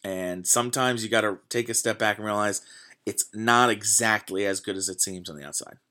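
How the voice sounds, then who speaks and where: A man's voice: on the low side, brisk, bright, forceful tone. A man hosting his own podcast, ranting casually about sports, getting worked up with frequent swearing and fillers. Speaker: podcast host. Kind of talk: casual solo sports rant.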